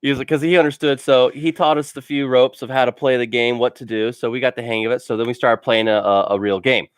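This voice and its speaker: A man's voice: mid-range voice, fairly even intonation, fast talker, clear, resonant tone, no room sound, clean studio sound. A man telling funny stories for a casual vlog. He rambles and fills his sentences with "like", and laughs at his own stories. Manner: rambling, full of "like" fillers. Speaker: gaming channel host.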